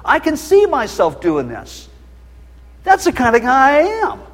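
A middle-aged male preacher with a high, husky voice pleads and warns, his pitch swooping wildly at an unhurried pace. He preaches with raw, passionate emotion, turning shrill as he gets louder, and long reverb makes it sound like a church hall.

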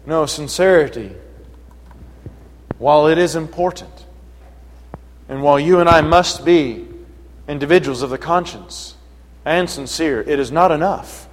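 A man preaching a sermon in an earnest manner that rises to forceful emphasis. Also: a little high, a little slow, in a large hall, low-quality recording.

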